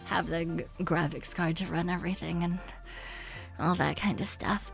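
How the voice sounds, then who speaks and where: A woman's voice: on the low side, fairly even intonation, normal speed, gravelly, faint music behind. A young woman from Canada, streaming a game and chatting casually, rambling and swearing freely as she tells a story with giggles. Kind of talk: casual chat while gaming.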